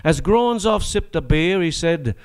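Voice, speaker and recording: Australian male performer, smooth clear voice, rollicking rhyming recitation of comic verse on a live stage. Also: a little high, lively intonation, unhurried. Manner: rollicking, rhythmic rhyming delivery. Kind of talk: comic bush-ballad recitation.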